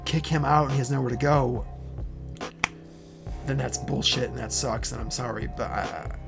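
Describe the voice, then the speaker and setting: A man streaming live, chatting in a halting, earnest way with many restarts, getting emotional as he speaks. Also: medium pitch, creaky, music in the background. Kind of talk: casual live-stream chat.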